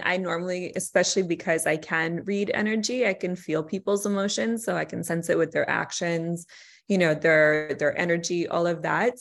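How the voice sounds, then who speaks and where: A woman talking as a podcast guest in casual chat. Her voice sits slightly low, and she rambles earnestly, restarting her sentences. She laughs now and then as she talks.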